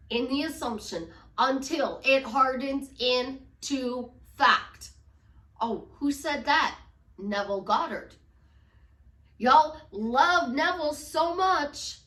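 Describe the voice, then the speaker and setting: A woman's voice: high voice, fairly bright tone, echoey room, recorded from a distance. A woman life coach talking emphatically and acting out her clients' doubts in quoted voices. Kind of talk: casual motivational talk.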